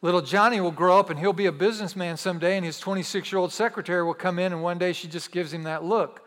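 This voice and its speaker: A man's voice: high-pitched, fairly even intonation, fast talker, a bit bright. A man preaching a sermon as pastor to his congregation, emphatic and repeating key lines with humorous asides. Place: church hall with audience. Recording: long church-hall reverb.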